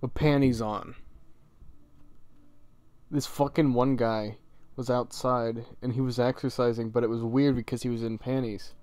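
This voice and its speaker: A man's voice: medium pitch, fairly even intonation, unhurried, pauses often, darkish tone, dry recording. A young man chatting casually on a livestream, rambling and swearing with frequent laughter. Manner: rambling, profane, laughing often. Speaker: streamer.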